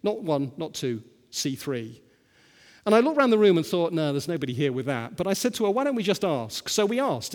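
A man's voice: on the high side, very animated, fairly quick. A male pastor preaching a sermon and telling stories, often asking the listeners rhetorical questions. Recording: long hall reverb.

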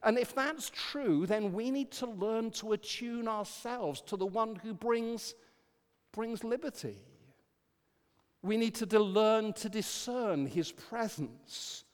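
A man's voice: high-pitched, slow pace, clean tone. Older male preacher in a reverberant hall. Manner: rises to emphatic declarations, then drops to quiet storytelling. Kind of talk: sermon.

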